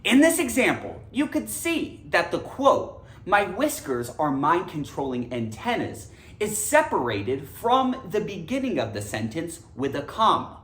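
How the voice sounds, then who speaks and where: Upbeat woman teaching grammar, lively pitch. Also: unhurried. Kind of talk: educational explainer. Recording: echoey room.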